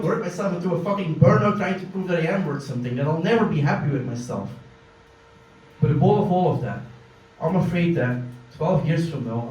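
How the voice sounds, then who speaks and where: A young man performing a one-man stage monologue, intense and confessional, swinging from quiet to shouting, recorded on a phone from the audience in a small basement venue. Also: a little high, a little hiss or hum. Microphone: phone filming from the audience. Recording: echoey, distant phone recording in a room.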